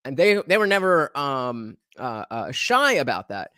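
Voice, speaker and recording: Halting, dry-voiced streamer man. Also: mid-range voice, big pitch swings, sharp tone, no room sound. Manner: halting, many fillers, sarcastic asides. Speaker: streamer reacting to a video. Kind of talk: casual live-stream commentary.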